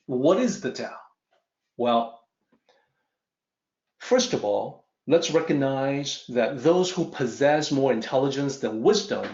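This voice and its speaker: Male teacher telling a story: measured, with an animated pitch, in an echoey, lo-fi recording. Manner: measured, explanatory. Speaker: Tao teacher. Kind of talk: storytelling lesson. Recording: roomy, dull lo-fi audio.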